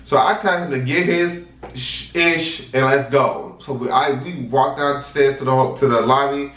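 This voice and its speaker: A young man in his twenties spins a casual storytime for his viewers, chatty and animated, talking right at them. His voice sits in a middling register. It comes from a mic set well back in a roomy indoor space. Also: medium pitch, moderate pace. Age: 20s. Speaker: vlog host. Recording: roomy sound from a distant mic.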